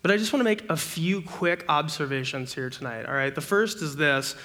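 A young campus ministry preacher gives a sermon in a relaxed, conversational style, using quick rhetorical questions to check in with listeners. His bright, forceful voice sits slightly high and jumps into animated bursts as he acts out everyday scenes.

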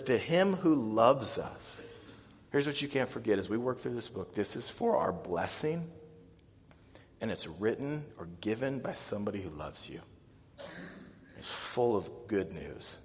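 A man in his thirties preaching a sermon, telling stories in an animated way and acting out scared, panicked voices with big jumps in pitch and loudness. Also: big-room sound. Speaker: pastor.

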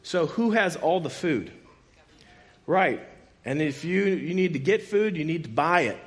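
A man preaching in a casual, conversational way, retelling a Bible story with lively quoted dialogue. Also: a little high, measured pace.

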